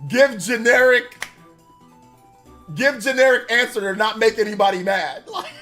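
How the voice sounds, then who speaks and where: High-voiced man rambling on a livestream. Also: measured pace, bright, forceful tone, soft background music. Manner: rambling and laughing, reading donation messages aloud. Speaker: streamer. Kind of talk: casual livestream reaction chat.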